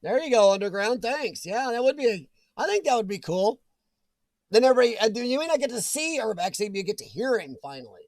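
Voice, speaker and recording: A man's voice: very high-pitched, sing-song, brisk, darkish tone, dry recording. A man hosting a casual livestream, reading viewer comments aloud, joking and laughing often. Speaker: livestream host reading chat. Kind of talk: casual chat.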